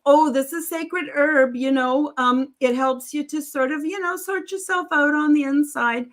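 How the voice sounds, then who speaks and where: A woman voicing a wise, warty old male toad in a told story, speaking in a matter-of-fact way close to her own high voice. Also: a little slow. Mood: calm.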